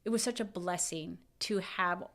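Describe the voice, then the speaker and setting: A woman in her thirties who co-hosts a podcast tells a personal story in casual chat, emotional and lively, voicing her own thoughts aloud. Her pitch is fairly low and her speed normal.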